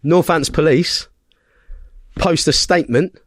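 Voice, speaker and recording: A blunt man retells a tense street incident in loose, expletive-laden talk, with plenty of "right?" tag questions. His voice sits at an ordinary male pitch and sounds dry and close, with no room echo. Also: normal speed. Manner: blunt, heavy swearing, animated retelling; checks in with the listener with tag questions. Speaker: podcast guest. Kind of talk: casual storytelling in conversation.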